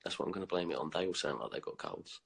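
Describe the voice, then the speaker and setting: Man, young adult, congested with a cold, very low, husky voice, casual phone live stream chat. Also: animated, rapid-fire, fairly bright tone. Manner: laid-back, joking, trails off. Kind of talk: casual late-night chat. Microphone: phone on a live stream video call.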